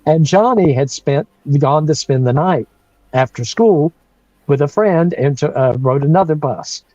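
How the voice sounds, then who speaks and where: An older man from North Carolina, his voice sitting a little high for a man, tells a story animatedly, breaking into laughs and restarting his sentences. The sound is dry and dull, like a lo-fi recording. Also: lively intonation, a little slow, a little mellow, no echo. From North Carolina, USA. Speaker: guest telling a personal story. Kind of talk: casual storytelling.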